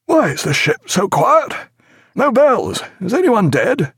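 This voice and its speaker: A man's voice: on the high side, very animated, normal speed, creaky, husky, dry recording, clean studio sound, pitched above the performer's own voice, exaggerated voice. A man voicing a wounded, weary naval captain who gives orders in a raised, strained voice. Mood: anxious.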